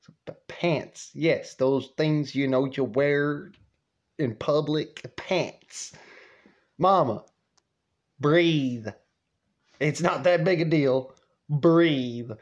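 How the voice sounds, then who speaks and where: A man doing a son softly pleading. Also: a little high, steady tone, slow pace, lo-fi sound. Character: grown son pleading to calm his mother.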